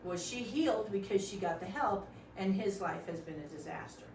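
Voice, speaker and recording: A woman's voice: mid-range voice, moderate pace, roomy sound, recorded from a distance, slight background noise, rough recording. A middle-aged woman training volunteers in a meeting room, joking often and acting out what other people say. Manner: animated, joking, acts out quoted voices.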